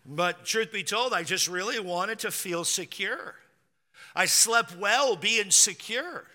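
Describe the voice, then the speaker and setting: Bright-voiced man preaching in a reverberant hall. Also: high-pitched, animated, slow pace. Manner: conversational storytelling with dry jokes. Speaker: pastor. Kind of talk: sermon.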